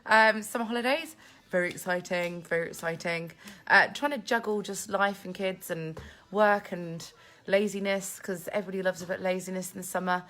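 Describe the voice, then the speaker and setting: A woman's voice: medium pitch, fairly quick, fairly bright tone. A woman hosting a casual live Q&A from home, chatting and reading viewer comments aloud into a handheld phone. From England. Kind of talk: casual live-stream chat. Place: at home with family. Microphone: phone held in hand.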